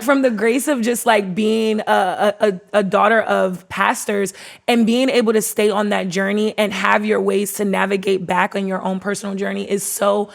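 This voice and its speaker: A woman hosting a faith-centered podcast in casual chat, her voice sitting at an ordinary middle pitch. She gushes with affection and praise. At times she shifts into leading a heartfelt spoken prayer. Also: fairly even intonation, moderate pace, gravelly. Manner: effusive and affectionate, gushing praise. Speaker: podcast host.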